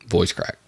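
A young man hosting a podcast, telling a story in a rambling, wry, self-interrupting way. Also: a little mellow. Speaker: podcast host. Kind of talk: casual comedic storytelling.

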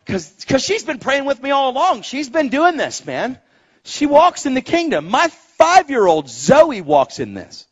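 A middle-aged man preaching a sermon as a story, animated, dropping to a hush and rising to shouts. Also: very high voice, normal speed, lo-fi sound. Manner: animated, swings from hushed to shouting.

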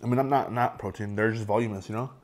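A man's voice: lowish voice, steady tone, racing. A man in his thirties talking casually to camera as a food vlogger, rambling with repeated words and fillers. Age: 30s. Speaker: mukbang vlogger.

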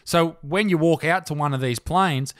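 A man's voice: a little high, moderate pace, no echo, studio quality. A young Australian man hosting a podcast, telling crude jokey stories and laughing as he goes. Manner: crude, joking, laughs mid-story. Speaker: podcast host. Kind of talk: casual comedic chat.

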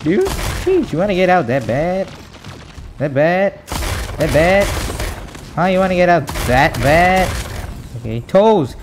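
A man giving live commentary over his own gameplay, excitable, joking and raging at the game. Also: fairly high pitch, unhurried, noisy background. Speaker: gaming channel host.

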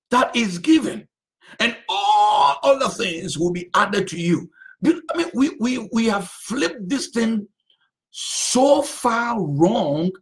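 A male pastor preaching a sermon, drawing out phrases and repeating them for emphasis. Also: sits high.

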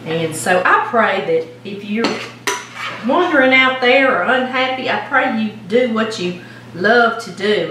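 A woman's voice: medium pitch, animated, measured pace, pushed and bright, a little hiss or hum. A woman with a Louisiana accent, hosting a home cooking show and chatting folksily while she ices a cake. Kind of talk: casual chatty cooking demo. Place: home kitchen. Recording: echoey kitchen, mic at a distance.

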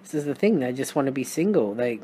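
Here the Australian tarot reader is animated and fast, mid-range in pitch with a dark tone and a faint hiss or hum behind. The reading stays casual and musing, peppered with dry sarcasm, and the talk keeps restarting and filling gaps with fillers as thoughts form.

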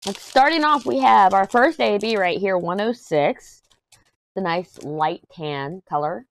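An excited, chatty woman talks through a craft unboxing at a desk mic. Her voice sits at an everyday middle pitch. She talks casually to her viewers and hums to herself while she works. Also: unhurried, vocal fry. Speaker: diamond painting vlogger.

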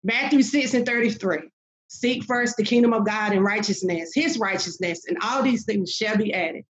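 A woman's voice: medium pitch, normal speed, muffled recording. A woman minister speaking as a podcast guest, fervent and emphatic, with many fillers. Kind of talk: preaching-style interview talk.

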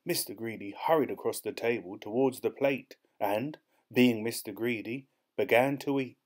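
A man reads a children's picture book aloud in a playful, expressive way. His voice sits at an ordinary middle pitch. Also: moderate pace. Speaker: storyteller. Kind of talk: children's story reading.

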